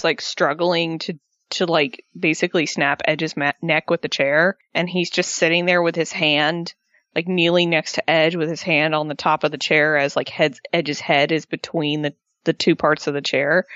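Animated woman chatting, dull lo-fi sound. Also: low voice, no room sound. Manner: animated, sarcastic, rising to excited outbursts. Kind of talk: casual wrestling recap chat.

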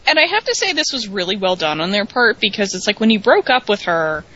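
A woman's voice: mid-range voice, sing-song, brisk, pushed and bright, highs cut off. A woman co-hosting a casual wrestling recap podcast, chatty and thinking aloud with restarts. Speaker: co-host.

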